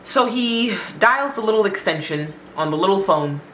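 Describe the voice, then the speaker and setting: A woman's voice: mid-range voice, moderate pace, slight background noise. A woman telling a spooky story in a casual, conversational way, in an echoey room with faint music behind. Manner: animated, conversational.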